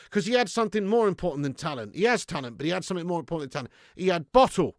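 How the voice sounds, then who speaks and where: A man hosting a live football fan stream, chatting excitably, swearing freely and laughing as he reacts and thanks viewers for donations. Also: a little high, quick pace, few pauses, dry recording, clean studio sound. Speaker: football fan channel host.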